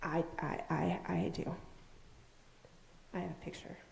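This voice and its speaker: A woman's voice: fairly low pitch, a little slow, vocal fry, a little hiss or hum. A woman giving a children's sermon in church, telling a story to kids with questions and acted-out voices. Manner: animated, asks questions, acts out voices. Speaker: children's message leader. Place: church sanctuary. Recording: echoey sanctuary.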